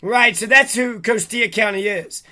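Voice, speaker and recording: A man's voice: sits high, normal speed, bright, forceful tone. A man talking alone to his audience in an agitated, rambling, heavily profane rant. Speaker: vlogger. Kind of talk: monologue to camera.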